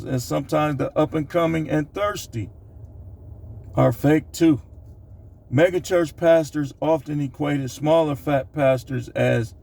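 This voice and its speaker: In a casual vlog, a man talks straight to his own camera, working through a numbered countdown. He speaks at medium pitch with a creaky, slightly mellow sound, and drifts loosely through lots of fillers and side comments.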